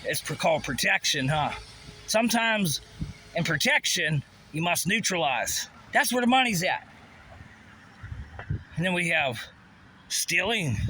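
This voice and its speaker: A man's voice: high voice, lively intonation, unhurried, pauses often, sharp tone, slight background noise. A man delivering a rambling, profane, conspiratorial monologue, often asking rhetorical questions. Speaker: vlogger.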